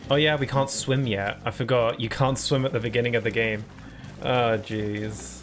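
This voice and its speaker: A man's voice: mid-range voice, fairly even intonation, normal speed, soft background music. A young man from Britain with a somewhat posh British accent, chatting casually and rambling while streaming a video game. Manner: rambling, chatty, frequent fillers and laughs. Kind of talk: casual live-stream chat over gameplay.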